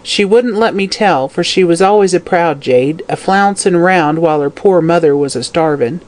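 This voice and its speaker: A narrator voicing a dying, drunken old slum woman who croaks, snarls and curses. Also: mid-range voice, moderate pace, darkish tone, close to an everyday voice. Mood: bitter. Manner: snarling, cursing, whining. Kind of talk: audiobook character voice.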